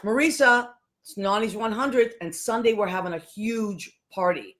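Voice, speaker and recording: A woman's voice: medium pitch, moderate pace, a bit bright. A woman hosting a live show solo, chatting casually and greeting listeners one by one by name. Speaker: host.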